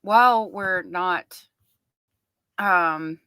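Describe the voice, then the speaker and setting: Woman, middle-aged, chatty livestream host, bright forceful voice, dry close sound. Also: fairly low pitch, very slow, clean tone, no room sound, rough recording. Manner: chatty, reads viewer comments aloud. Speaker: livestream host covering a trial. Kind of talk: casual livestream chat with viewers.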